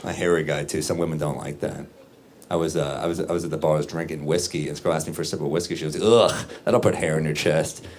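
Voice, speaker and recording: A man doing a stand-up comedy set on a club stage, dry and deadpan, with quick asides, recorded live. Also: extremely low pitch, slight background noise. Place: comedy club stage before a laughing audience. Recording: live club recording, loud crowd laughter. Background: audience laughter and room ambience.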